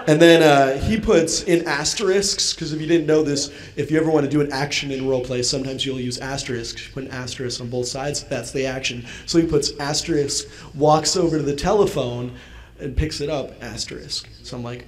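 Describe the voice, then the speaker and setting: A man's voice: a little high, animated, normal speed. A man telling a comic story on stage, acting out chat-room lines in different voices. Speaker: stand-up comedian. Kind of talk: stand-up comedy storytelling. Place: convention hall with audience. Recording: live hall with crowd laughter. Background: audience laughter.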